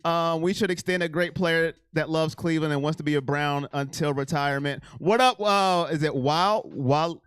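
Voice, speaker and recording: A man's voice: a little high, moderate pace, few pauses, a bit bright, clean tone, no echo, clean studio sound. A man hosting a casual sports livestream, talking in an emotional, rambling way and thanking donors by name. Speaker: sports channel host.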